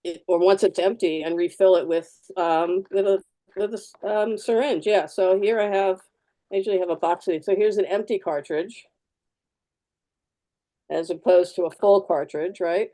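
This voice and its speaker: Chatty woman artist with a mellow voice. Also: fairly low pitch, fairly even intonation, normal speed. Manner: chatty, repeats key words for emphasis. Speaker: artist demonstrating fountain pens. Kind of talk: live demo explanation.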